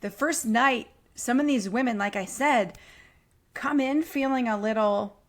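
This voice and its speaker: A woman's voice: on the high side, a little slow. A woman who is a guest on a podcast interview, telling stories in a chatty, enthusiastic way.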